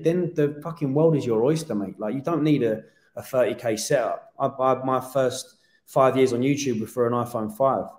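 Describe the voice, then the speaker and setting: A man's voice: mid-range voice, darkish tone. A man, a podcast guest talking animatedly and casually, swearing and restarting his sentences. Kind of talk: casual interview chat. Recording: roomy podcast room.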